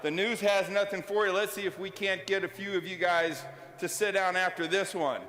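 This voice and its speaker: A man giving an energetic motivational keynote, calling out questions to the audience and leading exercises. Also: high-pitched, a little hiss or hum. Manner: energetic, calls out to the audience, asks quick questions. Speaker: keynote speaker. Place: large event hall. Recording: roomy hall sound, faint ambience.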